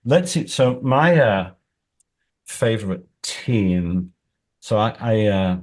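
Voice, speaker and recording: Animated man explaining with scenarios. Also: on the low side, takes it slowly. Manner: animated storyteller. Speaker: executive coach.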